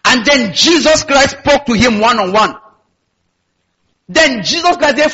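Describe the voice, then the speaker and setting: A man's voice: extremely high pitch, expressive, unhurried, long pauses, bright, forceful tone, breathy edge, highs cut off. A man preaching a sermon in an emphatic style, with call-and-response asides to his congregation. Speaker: pastor.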